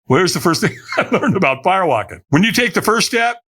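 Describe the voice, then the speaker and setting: A man with a bright, forceful voice that sits a little high for a man. His pitch swings widely as he tells a story with energy. He acts out the people in it and sometimes shouts their lines. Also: sing-song, brisk, husky. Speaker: podcast guest. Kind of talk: animated storytelling in conversation.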